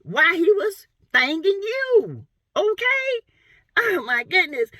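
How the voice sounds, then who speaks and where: A woman's voice: very high voice, sing-song, slow, pushed and bright, dry recording. A woman from South Carolina giving blunt, sassy gossip commentary on reality TV. She talks to her viewers in a playful, exclamatory way.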